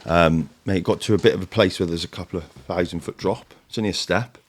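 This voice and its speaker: A former Royal Marine from the United Kingdom talks fast as a guest on a casual podcast. His voice is low, and he tells animated stories packed with swearing and military slang.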